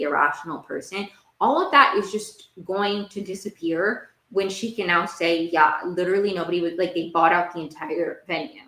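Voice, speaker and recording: A young woman hosts a casual TV recap podcast. Her voice sits a little low, and she talks in a rambling, emphatic way, piling on fillers and repeating herself. The recording has a noticeable roomy echo. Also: fairly bright tone. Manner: rambling and emphatic, heavy use of "like", repeats phrases. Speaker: podcast host.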